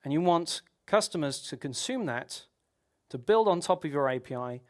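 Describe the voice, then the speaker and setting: A man's voice: fairly high pitch, lively intonation, normal speed. A man giving a technical conference talk, explaining at length with rhetorical questions and frequent restarts. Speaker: conference speaker.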